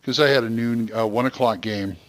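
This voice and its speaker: A man's voice: mid-range voice, fairly quick, fairly bright tone. A man co-hosting a podcast, easygoing in casual chat and steering the talk. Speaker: podcast co-host.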